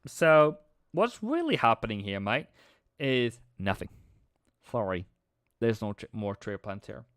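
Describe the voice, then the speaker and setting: A man hosting a live trading stream, excitable and slangy, calling viewers mate and bro. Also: medium pitch, unhurried, dry recording, studio quality.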